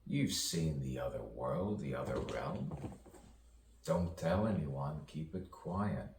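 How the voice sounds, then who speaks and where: A man with a remarkably low voice recites a rambling spoken-word soliloquy, letting phrases repeat in slow rhythmic loops. He sits well back from the mic in a roomy, echoing space, with a faint hiss of background noise. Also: animated, recorded from a distance. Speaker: poet.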